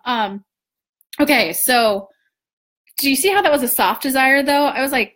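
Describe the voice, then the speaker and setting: A young woman coaching on manifesting, chatting casually in a live stream, animated with lots of restarts and the odd swear. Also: sits high, normal speed, pauses often. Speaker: law of attraction coach.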